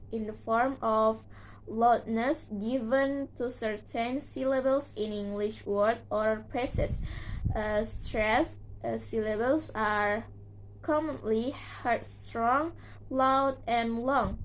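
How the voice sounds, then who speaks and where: A young woman whose first language is Indonesian, giving a halting class presentation with many fillers and repeated words. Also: a little high, a little hiss or hum, low-quality recording. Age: young adult. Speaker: student presenter.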